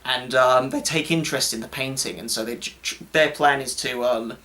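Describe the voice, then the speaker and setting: A man's voice: medium pitch, normal speed, sharp tone. A man co-hosting a casual chat, talking loosely, laughing often, swearing and mimicking characters. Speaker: co-host.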